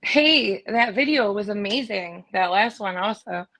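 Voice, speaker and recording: Guest: a giggly, affectionate woman with a gravelly edge, chatting on a livestream call. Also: medium pitch, expressive, measured pace, pushed and bright, poor audio. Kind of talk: casual livestream chat. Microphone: remote call connection.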